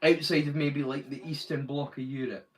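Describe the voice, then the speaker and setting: A man's voice: fairly high pitch, level tone, moderate pace. A man from the UK hosting a live watch-along in a rambling, casual chat, swearing freely. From United Kingdom.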